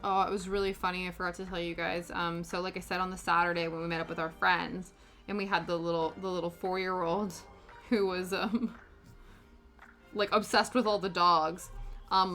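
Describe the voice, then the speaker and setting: A woman in her thirties paints her nails while chatting casually for her vlog, rambling through a story packed with fillers. Her voice is lowish with a sharp edge.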